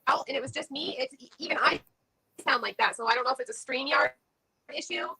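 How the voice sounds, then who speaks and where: A woman guest chatting casually on a live stream over a video call, quick to agree and chiming in often. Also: sits high, gravelly, pushed and bright, rough recording.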